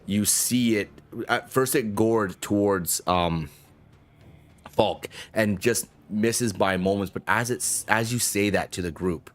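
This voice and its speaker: A man's voice: on the low side, slow. A man narrating as game master of a tabletop game, casual and rambling, often restarting mid-sentence and swearing.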